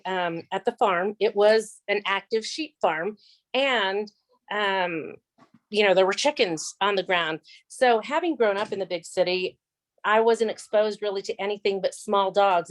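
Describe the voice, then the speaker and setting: A woman speaking at an ordinary middle pitch tells a story on a video call. She acts out the people in it as she goes, with an easy, lively manner. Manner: animated storyteller acting out quotes. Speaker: guest speaker.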